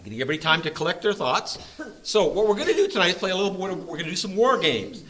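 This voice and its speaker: A man's voice: high-pitched, racing, bright, forceful tone, slight background noise, rough recording. A man leading a Bible study group, teaching from a map in a playful, joking way. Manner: jokey and playful, often laughing. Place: church meeting room.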